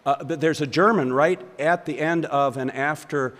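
An older seminary professor lectures in a hall and takes audience questions, his voice a little high, a bit bright, and at normal speed, with big-room sound. He talks thoughtfully and rambles, restarting sentences and chuckling.

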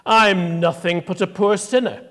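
A woman's voice: mid-range voice, steady tone, measured pace, big-room sound, close to an everyday voice. A man reading the lines of a humble, pious old countrywoman from a sermon note, with dialect words. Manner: plain-spoken, dialect words, read aloud.

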